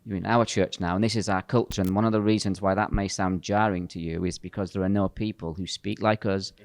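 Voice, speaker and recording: A man's voice: low voice, steady tone, a little fast, dry recording. A man hosting a podcast discussion, talking bluntly and directly with a joking edge. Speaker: podcast host and pastor. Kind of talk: casual discussion.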